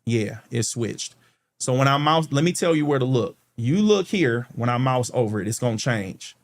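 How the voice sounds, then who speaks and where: A man hosting a stock market channel shares his screen and walks viewers through charts in a screen-share tutorial. His medium-pitched voice is animated and moves at normal speed, and he chats casually, often checking in with "okay" and calling everyone "guys."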